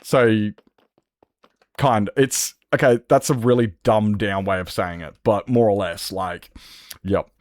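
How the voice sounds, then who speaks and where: A man's voice: fairly low pitch, steady tone, takes it slowly, no room sound, studio quality. A man with an Australian accent chatting casually on a livestream, rambling and swearing freely. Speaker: Minecraft streamer.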